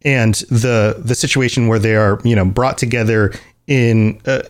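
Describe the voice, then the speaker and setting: With a lowish, steady voice at a moderate pace, a man co-hosts a laid-back podcast. He keeps restarting as he rambles, laughing while he acts things out.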